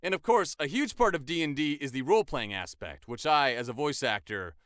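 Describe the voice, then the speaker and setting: Young male voice actor, chatty vlog delivery, smooth and lively, close dry mic. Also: on the high side, fairly quick, no echo. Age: 20s. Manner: enthusiastic, chatty, with casual fillers. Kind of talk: casual vlog.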